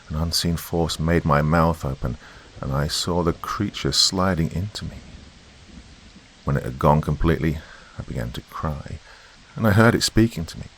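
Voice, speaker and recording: A man reading a horror story as a podcast narrator in a slow, brooding way. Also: rumbling low, a little hiss or hum.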